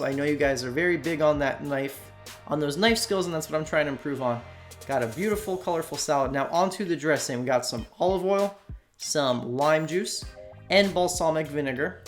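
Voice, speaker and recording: A man from Slovakia narrating a cooking voiceover in a casual, chatty way, talking straight to his viewers. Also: a little high. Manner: casual, chatty, addresses viewers as "you guys". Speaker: cooking channel host. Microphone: voiceover recorded separately from the video.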